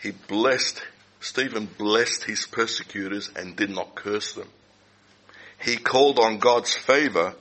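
A middle-aged man delivers a sermon in a somewhat low voice with a forceful, bright edge. He speaks deliberately and often repeats a phrase to drive his point home. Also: poor audio. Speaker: preacher.

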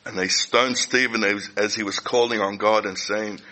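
A middle-aged man preaching a sermon, speaking deliberately and repeating key phrases for emphasis. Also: lowish voice, steady tone, bright, forceful tone, low-quality recording.

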